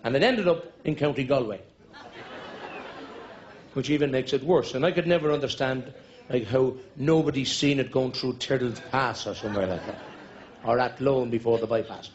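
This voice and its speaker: A middle-aged man with a Dublin accent doing stand-up, telling rambling anecdotal stories and bursting into loud shouts at the punchlines. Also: mid-range voice, normal speed, a faint crowd. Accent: Irish, Dublin. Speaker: stand-up comedian. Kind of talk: stand-up storytelling. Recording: dull live recording with audience laughter. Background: audience laughter.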